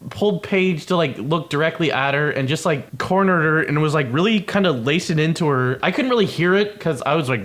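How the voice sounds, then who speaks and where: A man's voice: fairly high pitch, fairly bright tone. A man from Canada telling a rambling, profane story casually on a stream.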